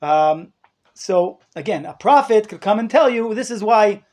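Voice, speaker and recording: A man's voice: high voice, lively intonation, a little slow, darkish tone, slight background noise. A man rabbi giving a live lecture to a class, emphatic and full of rhetorical questions, dropping in Hebrew terms. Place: study hall class with listeners.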